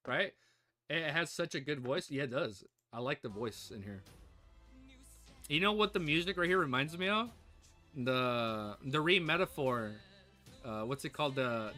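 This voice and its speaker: A man hosting a livestream reaction, chatting excitedly with viewers and his puppy. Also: on the high side. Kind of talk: casual livestream reaction chat.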